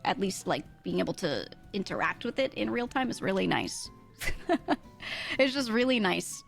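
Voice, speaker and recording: A woman's voice: medium pitch, moderate pace, creaky, faint music behind. A young woman streamer, chatting casually with chat, laughing often and swearing freely. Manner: laughing, swearing, animated asides.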